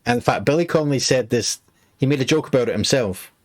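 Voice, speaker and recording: A man's voice: mid-range voice, quick pace. A Glaswegian man streaming a game, chatting casually with his viewers and swearing now and then. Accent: Glaswegian Scottish. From Scotland. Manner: chatty, swears, talks to chat. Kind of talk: casual livestream chat.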